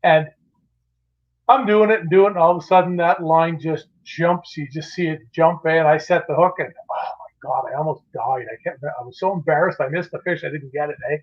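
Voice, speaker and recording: A man with a fairly high voice tells a story in a lively, casual way, often stumbling and restarting his sentences. The sound is muffled and lo-fi, like live-stream audio. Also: a little fast. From Canada. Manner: animated anecdote teller, many restarts. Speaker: guest, magazine publisher.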